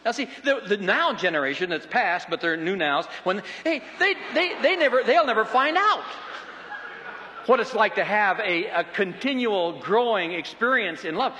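A middle-aged man preaching a sermon in a folksy, animated, joking way. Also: high voice, normal speed, in a large hall.

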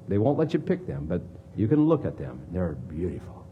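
A man preaching a sermon as a pastor, with dramatic swings between emphatic lines and hushed ones. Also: medium pitch, sing-song, fairly quick, highs cut off, a little hiss or hum.

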